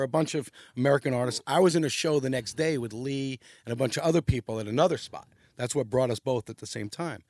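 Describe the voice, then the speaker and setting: This mid-range male voice belongs to a middle-aged man from New York, guesting on a podcast with no room sound. He tells loose, profanity-laced stories in an animated, wandering way during a relaxed storytelling conversation.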